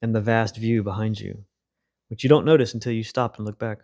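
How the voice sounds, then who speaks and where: A man hosting a podcast, reading a children's storybook aloud in a calm, unhurried way. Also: fairly low pitch, vocal fry. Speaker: podcast host and reader.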